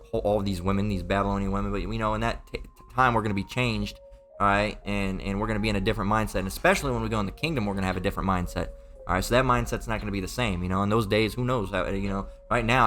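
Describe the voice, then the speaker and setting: A man's voice: lowish voice, fairly bright tone. A man giving an informal sermon in a rambling, emphatic way, often profane and full of repeated filler tags. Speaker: preacher.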